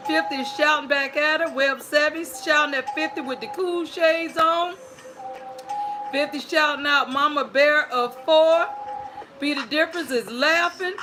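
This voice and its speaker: A woman hosting a livestream storytime, greeting viewers by name and reading their chat messages aloud. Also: high voice. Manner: greets viewers warmly by screen name, playful and sing-song.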